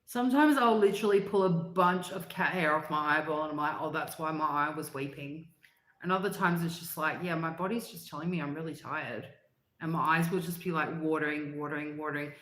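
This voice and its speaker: A woman's voice: deep voice, quick pace, a bit bright. A middle-aged woman, chatting casually on a livestream in a rambling way, laughing often and dropping slang. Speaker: livestream host. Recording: roomy echo.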